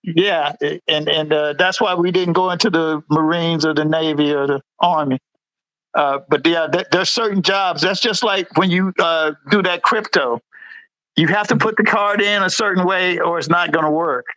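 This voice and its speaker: A middle-aged man talks as a guest in a rambling, easygoing way and keeps circling back with "you know". His voice is fairly high, and the recording is close and dry, with no room sound. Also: steady tone, moderate pace, sharp tone, dry recording, poor audio. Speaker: guest, former supervisor. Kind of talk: casual reminiscing interview.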